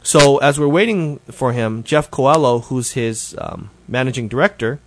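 A man's voice: mid-range voice, normal speed, a little hiss or hum. A man hosting his show, giving a casual, rambling update that is full of self-corrections. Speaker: show host.

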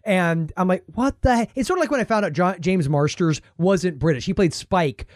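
An American man co-hosting a podcast, rambling in casual chat and slipping into quick playful impressions. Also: sits high, animated, no echo, studio quality. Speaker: podcast co-host.

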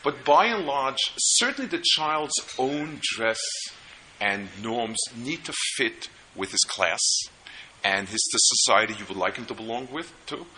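A man lectures at a seminar in a very bright, sharp voice. He is earnest and stops and restarts as he tells stories to make his points. Faint hiss sits behind him. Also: medium pitch, sing-song, poor audio. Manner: earnest, storytelling, halting restarts. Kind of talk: lecture on parenting.

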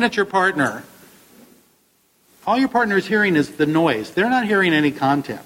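A man's voice: sits high, sing-song, moderate pace, fairly bright tone, poor audio. Man lecturing on couples, acting out lines. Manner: conversational, rhetorical questions, acts out couples' lines. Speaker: therapist speaking to an audience. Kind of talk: lecture with acted-out examples.

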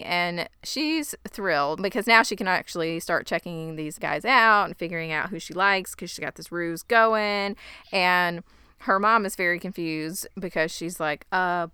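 A woman co-hosting a casual podcast chat, retelling a TV episode with lively acted-out quotes and laughs. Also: on the low side, clear, resonant tone, no room sound, studio quality. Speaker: podcast co-host.

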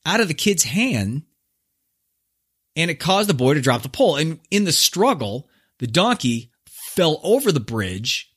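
A man's voice: fairly high pitch, a bit bright, slightly rough. A man hosting his own podcast, retelling an old fable in a laid-back, slangy, joking way. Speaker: podcast host. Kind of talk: casual storytelling monologue.

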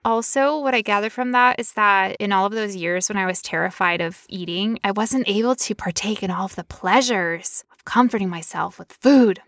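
A woman co-hosting a casual podcast, talking in an animated way and acting out quoted voices. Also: medium pitch, normal speed, few pauses, no echo, studio quality. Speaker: podcast co-host.

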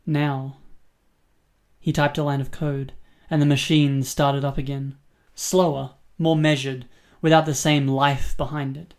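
A man narrating an audiobook in a steady, even reading voice. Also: a little high, a little slow, clean tone.

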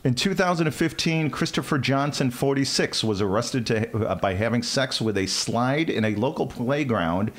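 A man's voice: mid-range voice, normal speed, hardly any pauses. A man co-hosting a casual comedy podcast, reading out quiz items and laughing often. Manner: animated, laughs often, reads items off a list. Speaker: podcast co-host running a quiz.

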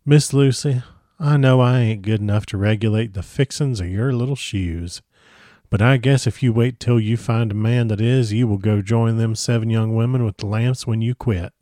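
A man's voice: lowish voice, normal speed, dark tone, no echo, studio quality, close to an everyday voice. A man reading as an earnest young Texan suitor. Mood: pleading. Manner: earnest, folksy.

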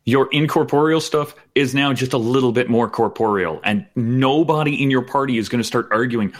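A man's voice: medium pitch, normal speed, few pauses. A man co-hosting a podcast, chatting casually and wryly about tabletop game spells, often agreeing and laughing. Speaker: podcast co-host.

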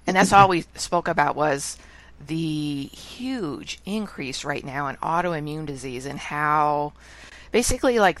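A woman hosting a podcast, asking curious questions in a relaxed conversational way. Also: deep voice, no echo. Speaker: podcast host. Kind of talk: casual interview.

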